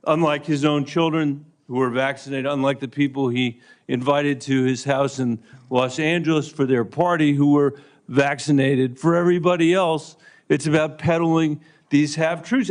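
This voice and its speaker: A man's voice: on the high side, moderate pace. A man, a senator, questioning a nominee at a hearing in a pointed, insistent yes-or-no manner.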